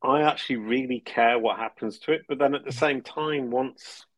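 A man's voice: medium pitch, moderate pace, no echo, rough recording. A man as a podcast guest, chatting casually and explaining at length, laughing often and restarting phrases. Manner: explanatory, talks in long runs. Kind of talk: casual interview chat.

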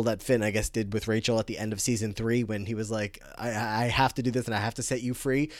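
A young man co-hosting a podcast, casually chatting and rambling through an animated recap full of fillers. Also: mid-range voice, dry recording, clean studio sound. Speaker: podcast co-host. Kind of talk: casual chat recapping a TV episode.

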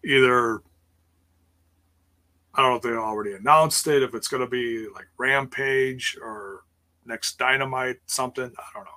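A man's voice: mid-range voice, normal speed, bright, forceful tone. A man casually recapping wrestling for a live chat, rambling with ums and sarcastic asides. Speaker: wrestling show recap host.

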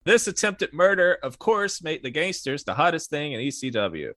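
A man's voice: a little high, sing-song, moderate pace, a bit bright, no room sound, clean studio sound. A man hosting a podcast, reading out a history recap with wry asides. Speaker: podcast host.

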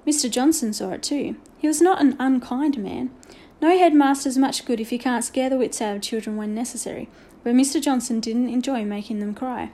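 Storybook narrator, woman, mellow tone, slightly high voice. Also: fairly quick, few pauses.

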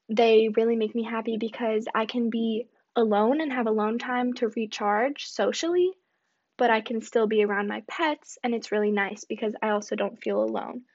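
Chatty young woman on a lo-fi podcast. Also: a little high. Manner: chatty, rambling, self-deprecating, with fillers. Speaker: podcast host. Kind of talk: casual solo podcast chat. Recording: dull lo-fi home recording.

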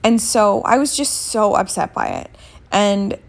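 In a casual vlog, a woman in her thirties sits up on a bed at home and tells a story. Her gravelly voice sits at a medium pitch and moves at a measured pace, and she talks candidly and bluntly, swearing freely.

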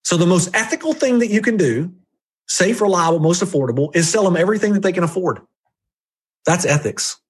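A man speaking as a guest, giving an energetic, emphatic sales-coaching talk straight to the listener. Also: a little fast, slightly rough. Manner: emphatic, jumpy pitch, direct address to listener. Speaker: guest reviewing a book on sales.

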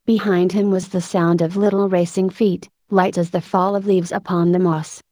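A woman narrating a story in a steady, measured reading voice. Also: lowish voice, dry recording. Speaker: audiobook narrator.

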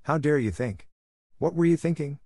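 A man reading an audiobook voicing a stern, furious middle-aged schoolmistress who talks in a sharp, demanding way. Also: mid-range voice, animated, brisk, no echo, clean studio sound, voice pushed up, close to an everyday voice. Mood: indignant.

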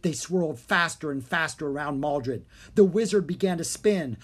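A narrator reading a children's fantasy book aloud with steady storytelling. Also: mid-range voice, normal speed, few pauses, breathy edge. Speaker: audiobook narrator.

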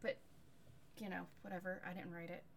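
A woman co-hosting a casual book-review podcast, recapping a novel in an animated, sarcastic way and swearing casually. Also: fairly low pitch, fairly quick, gravelly, slight background noise. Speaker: podcast co-host.

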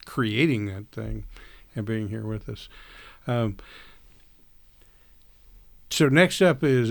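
A man's voice: lowish voice, creaky. A man playing a tabletop role-playing game, speaking in a theatrical, florid way. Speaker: player.

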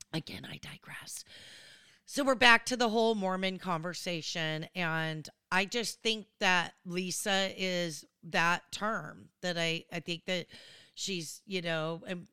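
A woman's voice: lowish voice, pushed and bright, smooth, no echo, studio quality. Chatty, opinionated woman recapping TV. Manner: chatty, opinionated, acts out quotes in voices. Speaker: reality TV recap commentator. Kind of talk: casual recap commentary.

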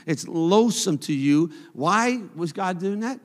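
A man's voice: on the high side, lively intonation, moderate pace, few pauses. A man preaching a sermon in a church sanctuary, conversational and joking at times, then building to emphatic points. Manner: conversational and humorous, rising to emphatic. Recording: long church hall reverb.

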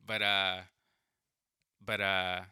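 A man's voice: low-pitched, level tone, drawn-out words, pushed and bright, clear, resonant tone, no room sound, studio quality. A young man telling a personal story in casual chat, rambling, full of fillers and swearing.

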